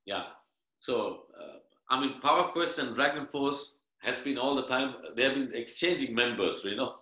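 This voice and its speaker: Bright-voiced musician from Sri Lanka, echoey room. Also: male voice, mid-range voice, animated, normal speed. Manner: rambling, with many uhs and restarts. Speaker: guest musician. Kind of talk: casual interview chat.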